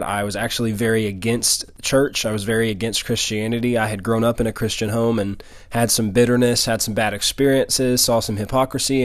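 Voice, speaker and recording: A man's voice: lowish voice, no room sound, studio quality. A man, preaching a sermon and telling a personal testimony in an earnest, emphatic way. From Louisiana, US. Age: 20s. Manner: earnest storytelling, emphatic repetition.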